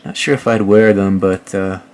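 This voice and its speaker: A male host giving casual, relaxed commentary while walking through online listings, with frequent fillers. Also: low voice, normal speed. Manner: relaxed, filler-heavy, chatty. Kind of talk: casual screen-share commentary.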